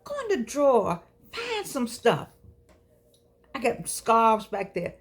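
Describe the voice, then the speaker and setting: A woman's voice: fairly high pitch, wildly swooping pitch, slow pace. A woman, giving a chatty, emphatic motivational talk to camera. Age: 60s. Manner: chatty, preachy, folksy and emphatic. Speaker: vlogger speaking to seniors.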